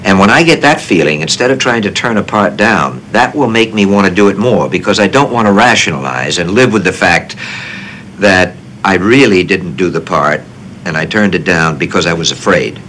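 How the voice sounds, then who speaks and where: A man in his sixties from the United States, telling stories in a casual interview with plenty of self-deprecating humor. His lowish voice moves a lot, bright and forceful in tone. A faint noise floor sits underneath. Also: moderate pace. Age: 60s. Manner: animated raconteur, self-deprecating. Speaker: actor guest.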